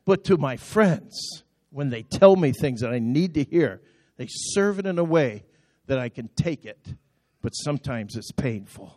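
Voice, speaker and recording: A man's voice: medium pitch, lively intonation, a little slow, long pauses, music in the background. A middle-aged male pastor preaching a sermon in a church, impassioned and building into call-and-response. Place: church auditorium.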